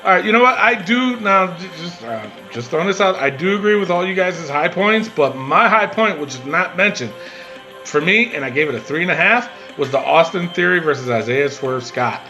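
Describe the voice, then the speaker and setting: Male wrestling podcast co-host, bright, high voice, quick to laugh. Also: faint music behind. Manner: animated, laughing, joking. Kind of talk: casual chat.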